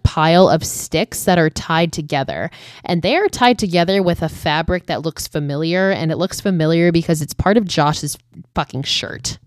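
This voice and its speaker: A woman with a notably low voice chats her way through a story. Her talk is loose and full of "like" and swearing, recorded dry and close with no room sound. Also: no echo. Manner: chatty, heavy use of "like" and frequent swearing. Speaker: vlogger recapping a horror film. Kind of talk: casual storytelling recap.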